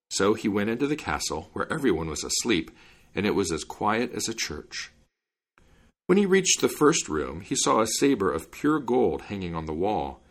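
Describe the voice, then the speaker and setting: A man reading a fairy tale aloud in a lively, expressive storytelling manner. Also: lowish voice. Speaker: reader.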